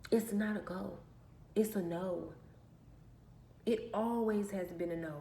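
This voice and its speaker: Speaking slowly in a warm, mid-range voice with vocal fry, a woman vlogger recounts a personal story, sounding aggrieved and emphatic and saying her phrases more than once. The room echoes, and there's faint noise in the background.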